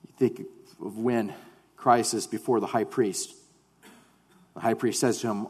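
A man preaching a sermon as pastor, animated at times and then dropping to quiet, weighty emphasis. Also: fairly low pitch, measured pace, long pauses, husky. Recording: long hall reverb.

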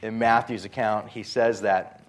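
A man's voice: fairly low pitch, fairly even intonation, measured pace, a little hiss or hum. A male pastor preaching a sermon in a conversational storytelling way, acting out the quotes.

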